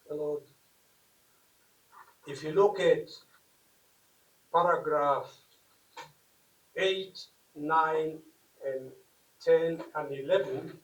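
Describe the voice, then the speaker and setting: A man argues before a court in a slow, deliberate way, leaning on key words for emphasis. His voice sits high and bright. It is heard from some distance in an echoey courtroom. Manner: deliberate, emphatic, measured phrasing. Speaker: advocate addressing the court. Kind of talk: formal legal submission. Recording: echoey room, mic at a distance.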